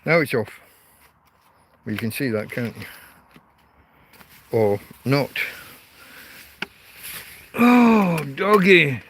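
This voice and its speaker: A man's voice: mid-range voice, sing-song, very slow, pauses often, fairly bright tone, slight background noise. A man, hosting a casual livestream from a tent in a field, talking to his dog in an exasperated, sweary way. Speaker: livestream host. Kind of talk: casual night-time livestream chat.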